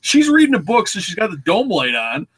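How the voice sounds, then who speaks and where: A man with a high, bright voice tells road stories in casual chat, swinging his pitch widely as he plays out what each person said. His tone is a little husky, and the recording is close and dry. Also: wildly swooping pitch, brisk. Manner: storytelling, acts out quoted voices. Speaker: show co-host.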